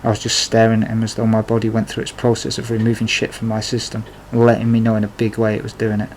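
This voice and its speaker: Guy reading his memoir, low monotone voice, blunt and confessional, faint background hiss. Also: fast, poor audio. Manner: plain, confessional narration with blunt swearing. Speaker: narrator. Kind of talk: memoir storytelling.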